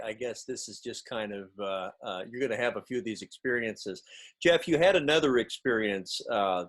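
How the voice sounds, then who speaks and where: A man hosting an interview who asks questions and prompts his guest in a conversational way. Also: mid-range voice. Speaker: host.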